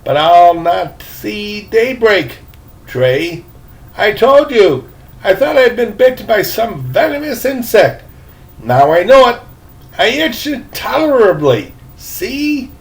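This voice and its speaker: A man's voice: high-pitched, big pitch swings, slow pace, voice pushed up, full character voice. A man voicing a frail, fussy old man who is sure he is dying, with a quavering, old-fashioned way of speaking. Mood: fretful.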